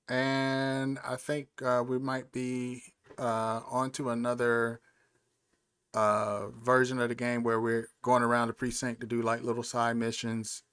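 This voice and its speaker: This man's voice sits at medium pitch, a bit bright, with a clear, resonant tone. He hosts a gaming channel and chats his way through a video game walkthrough, loose and rambling, leaning heavily on fillers.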